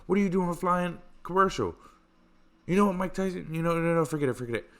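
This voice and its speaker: A man's voice: high voice, lively intonation, quick pace, fairly bright tone, voice pushed up. A man voicing a pushy, starstruck male passenger who begs eagerly for a photo and an autograph. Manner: eager, pleading.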